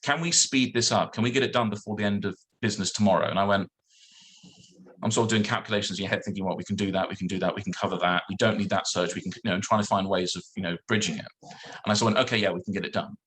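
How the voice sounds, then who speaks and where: Fast-talking low-voiced man. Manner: animated storyteller acting out dialogue. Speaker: guest solicitor. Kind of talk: anecdote on a video call. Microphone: video call.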